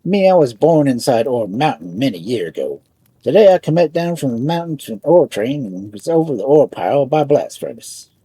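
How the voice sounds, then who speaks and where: A man's voice: mid-range voice, sing-song, normal speed, dark tone, slightly rough, dry recording. A man voicing a huge, good-natured male steelworker made of steel, talking in broken immigrant English with easy boasting. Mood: easygoing.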